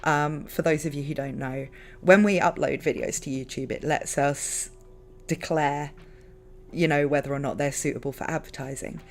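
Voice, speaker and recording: A woman's voice: sits low, fairly even intonation, normal speed. Woman, London accent, stream host, casual chat, laughs often, plenty of fillers. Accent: London English. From London, England.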